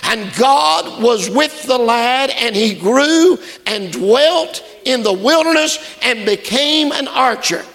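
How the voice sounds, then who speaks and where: A male preacher delivering a fervent sermon that builds to shouted emphasis. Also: extremely high pitch, animated, takes it slowly, few pauses. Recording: long hall reverb.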